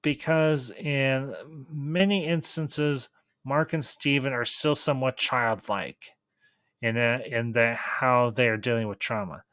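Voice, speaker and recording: A man giving a casual, enthusiastic review of a TV series, pausing and restarting as he thinks aloud. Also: mid-range voice, fairly even intonation, fairly bright tone, clean tone, no room sound. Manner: thoughtful, enthusiastic, with frequent restarts. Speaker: film reviewer.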